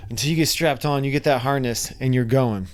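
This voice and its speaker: A young man casually telling a personal story, animated and acting out his own reactions. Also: mid-range voice, fairly quick. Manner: animated, acts out his own screams and quotes.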